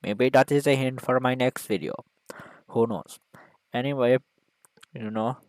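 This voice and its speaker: A man giving a mock lecture in a video, rambling and hesitant, full of fillers, deadpan, with broken grammar. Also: mid-range voice, a little slow, no echo, low-quality recording. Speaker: video maker.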